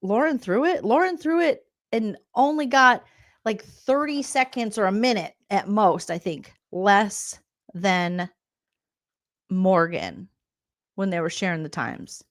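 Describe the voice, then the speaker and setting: Animated sarcastic woman comic. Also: mid-range voice, slow pace. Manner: animated, sarcastic, slipping into mocking impressions. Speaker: comedian and recap host. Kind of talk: comedic reality-TV recap vlog.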